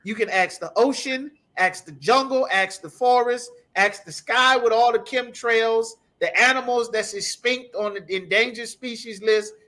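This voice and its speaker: A man's voice: very high voice, a little slow, hardly any pauses, sharp tone. A man teaching a scripture class, ranting in an emphatic, profane, repetitive way. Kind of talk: heated scripture breakdown.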